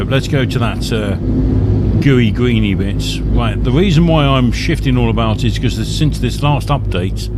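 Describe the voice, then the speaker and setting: Man, lowish voice, chatty gameplay streamer, muttering to himself, loud spaceship engine noise behind. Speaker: game streamer. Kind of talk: casual live gameplay commentary. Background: spaceship engine and vehicle noise.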